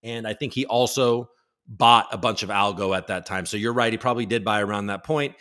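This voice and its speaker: A man's voice: lowish voice, brisk, a bit bright. A man hosting a casual crypto livestream, rambling and joking irreverently as he reads viewer comments.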